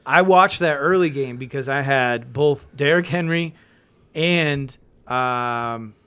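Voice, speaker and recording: A man hosting a casual podcast, ranting in an animated way with swearing and laughter. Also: mid-range voice, takes it slowly, smooth. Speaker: podcast host. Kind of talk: casual fantasy football podcast chat. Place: home in the mountains.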